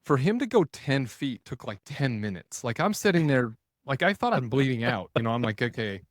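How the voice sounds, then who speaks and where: A man's voice: medium pitch, normal speed, dry recording, clean studio sound. Man in his forties telling a rambling story. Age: 40s. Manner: animated, rambling with restarts and quoted inner thoughts. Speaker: podcast guest. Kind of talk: casual storytelling.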